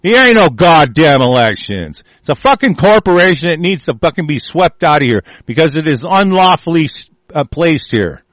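A man's voice: on the high side, sing-song, normal speed, few pauses, dry recording. A man from the United States in an angry, profane political rant, full of threats. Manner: furious, profane, shouting threats.

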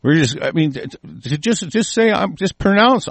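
A man tears into his targets in a heated, foul-mouthed rant, combative and relentless. His voice sits a touch high for a man. The sound is dry and close, with no room echo. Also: very animated, moderate pace, hardly any pauses. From United States. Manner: profane, heated, combative, swears constantly. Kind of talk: angry political rant.

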